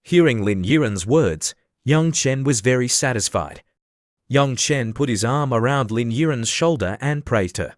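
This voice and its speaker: A man narrating an animated story recap in a steady, scripted reading. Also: mid-range voice, a little slow, no room sound, studio quality.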